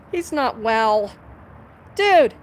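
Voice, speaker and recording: A woman's voice: fairly high pitch, very animated, extremely slow. A woman live-streaming outdoors on a phone, chatting casually, cursing freely and laughing a lot. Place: outdoors at night by a building.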